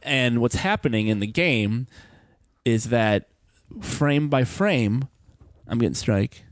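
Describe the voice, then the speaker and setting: A man co-hosting a podcast, telling stories in a casual chat, laughing often and acting out quotes in a high voice. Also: animated, takes it slowly, dry recording, clean studio sound. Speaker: podcast co-host.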